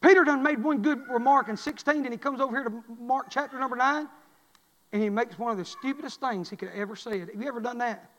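A man preaching as pastor in a church, repeating lines and building to loud, shouted climaxes. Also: extremely high pitch, fast talker, slight background noise. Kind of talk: sermon. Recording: long reverb of a church hall.

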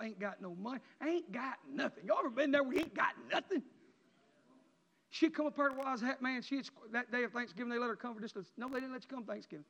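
A man preaching an emotional sermon, swinging from near-shouts down to quiet, low passages. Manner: impassioned, rising to near-shouts then dropping low. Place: church sanctuary. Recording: dull sound with long church reverb.

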